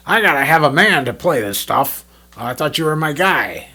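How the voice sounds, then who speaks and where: A brash, hard-drinking old bandleader who is full of himself, as a storyteller puts him on, talking loudly and jovially and pleading his case. The voice sits higher and louder than the teller's own. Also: big pitch swings, normal speed, husky, heavily acted. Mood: boisterous.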